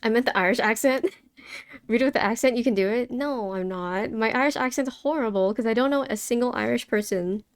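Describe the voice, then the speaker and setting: A woman's voice: a little high, brisk, clear, resonant tone, no room sound, studio quality. A young woman casually chatting while drawing live, laughing and swearing offhandedly as she answers chat. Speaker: art streamer.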